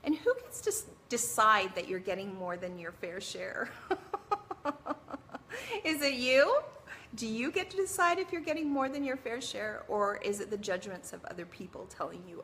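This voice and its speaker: A bright, chatty middle-aged woman talks straight to her viewers on a live stream. She stays animated and laughs often. A faint hum of noise sits under her voice. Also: medium pitch, moderate pace. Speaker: host of a live-streamed advice show. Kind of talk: casual live-stream talk.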